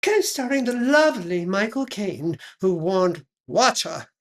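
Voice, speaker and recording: A woman's voice: mid-range voice, sing-song, a little hiss or hum. A woman playing a pompous aristocratic hostess. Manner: pompous, affected, slow and drawling, dropping French phrases. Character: pompous aristocratic lady chat show hostess. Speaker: host.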